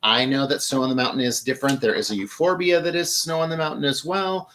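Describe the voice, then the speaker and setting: A man's voice: medium pitch, fairly even intonation, quick pace, fairly bright tone, low-quality recording. A middle-aged man from Michigan hosting a live flower-arranging show, chatting to viewers as he works. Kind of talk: casual live demonstration.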